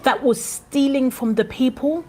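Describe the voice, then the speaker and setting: A woman's voice: sits high, unhurried, dark tone, a little hiss or hum. A woman from Ghana with a Ghanaian accent, giving an impassioned commentary vlog in a passionate, indignant way. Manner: passionate and indignant, with fillers and restarts. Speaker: vlogger.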